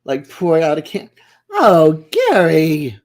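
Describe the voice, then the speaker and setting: Slow-talking giggly woman streamer. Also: deep voice, huge pitch swings, darkish tone. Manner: giggly, teasing, chats with viewers by name. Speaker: livestream host. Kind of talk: casual chat with live viewers.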